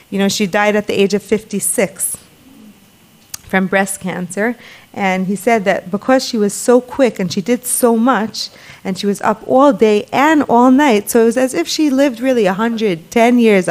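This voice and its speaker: Woman, earnest storytelling, repeats words, lots of fillers, mid-pitched voice. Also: a little mellow. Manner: earnest, repetitive, many fillers and restarts. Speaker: speaker remembering her late mother. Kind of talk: personal storytelling talk.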